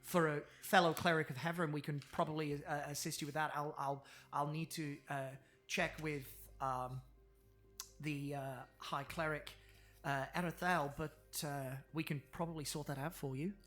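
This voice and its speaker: A game master voicing a courteous kobold temple cleric who speaks haltingly, with many pauses and ums. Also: medium pitch, fairly even intonation, a bit bright, close to an everyday voice. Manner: polite, halting, full of ums.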